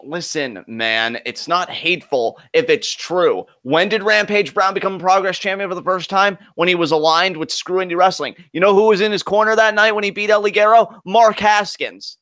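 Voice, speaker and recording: Bright-voiced man ranting at wrestling. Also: high voice, moderate pace, few pauses, no room sound, clean studio sound. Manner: heated, profane, ranting fan commentary. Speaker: co-host of wrestling reaction show. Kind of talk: live wrestling reaction chat.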